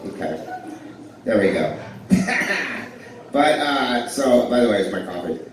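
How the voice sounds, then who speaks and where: A man's voice: mid-range voice, expressive, a little slow, a little hiss or hum. A man in his forties doing live stand-up in a club, telling rambling, self-deprecating stories and riffing with the crowd. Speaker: stand-up comedian. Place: blues club stage with a live audience. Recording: echoey club heard from far off.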